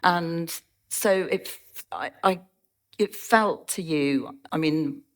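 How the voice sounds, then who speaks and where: A woman interviewing a guest in a live festival conversation, asking measured, supportive questions and often murmuring agreement. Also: deep voice.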